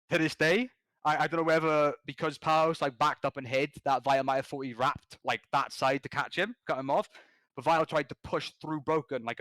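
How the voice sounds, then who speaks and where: Male podcast guest, lively slangy storyteller, higher voice. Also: dry recording. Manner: excitable, slangy, quick restarts. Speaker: podcast guest, competitive gamer. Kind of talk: animated storytelling.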